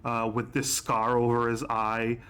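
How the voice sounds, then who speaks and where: A man narrating a tabletop game as game master, halting and restarting with many fillers. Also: mid-range voice, completely flat delivery, a bit bright, smooth.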